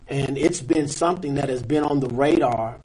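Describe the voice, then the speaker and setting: A man, a pastor, speaking earnestly as an interview guest in a measured, halting way with many fillers. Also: mid-range voice, a little mellow, slightly rough, low-quality recording.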